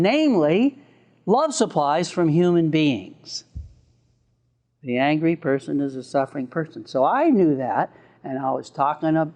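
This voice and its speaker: Animated man telling a therapy story. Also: sits high. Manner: animated, chuckling storyteller with sound effects. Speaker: therapist and lecturer. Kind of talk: storytelling lecture to an audience.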